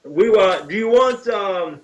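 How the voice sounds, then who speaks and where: A guest musician with a high, animated voice speaks slowly as he recounts a childhood horror memory in casual conversation. He swears freely while telling it earnestly, and the call audio sounds roomy and distant.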